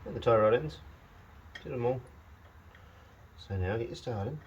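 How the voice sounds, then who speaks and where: A man's voice: mid-range voice, measured pace, muffled recording, background noise. Man muttering to himself in his shed. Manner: mutters to himself and talks to the parts as he works; wry, grumbling, self-mocking. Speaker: home mechanic and channel host. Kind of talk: casual workshop vlog, thinking aloud. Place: home shed or garage.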